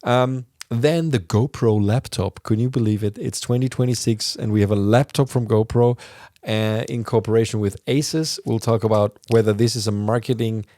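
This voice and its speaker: A man's voice: lowish voice, normal speed, warm tone, dry recording, studio quality. A man hosting a podcast, explaining news in a casual, rambling way with plenty of fillers. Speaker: podcast host.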